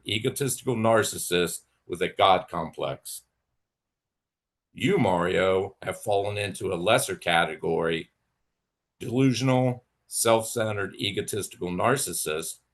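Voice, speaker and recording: A fairly low-pitched man speaks into a livestream mic. He rants at a rival in a heated, profane, sarcastic way. His outbursts jump high and loud, then drop to low mutters. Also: gravelly. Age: adult with children. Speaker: livestream host. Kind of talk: angry rant to a rival.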